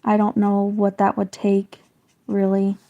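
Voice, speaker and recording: A slightly hoarse woman with a raspy voice, a parent chatting casually and rambling on a livestream while she colours, hedging her words as she goes. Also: mid-range voice, completely flat delivery, unhurried, mellow, dull audio. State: slightly hoarse, getting sick. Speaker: livestreaming artist.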